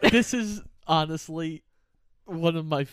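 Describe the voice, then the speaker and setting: A man's voice: a little high, a little slow, a bit bright, faint music behind. A man co-hosting a podcast, chiming in with wry, brief remarks. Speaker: podcast co-host. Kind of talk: casual chat.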